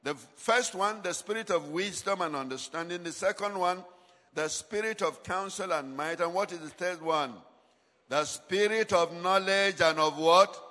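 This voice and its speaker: Male preacher, high bright voice, call-and-response sermon in a long-reverb hall. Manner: call-and-response questions to congregation; emphatic, dramatic shifts in volume.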